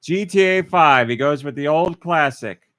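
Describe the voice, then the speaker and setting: A man's voice: on the high side, moderate pace, a bit bright, no echo. Guy hosting a chatty podcast, teasing quiz vibe, dry close sound. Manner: playful, teasing quiz-master. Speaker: podcast host. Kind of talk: casual podcast banter.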